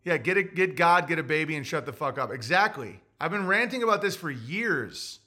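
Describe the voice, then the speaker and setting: Bright high-pitched guy on a stream, blunt and crude, just lecturing people. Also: lively intonation, fairly quick. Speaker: livestream host. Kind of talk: ranting livestream monologue.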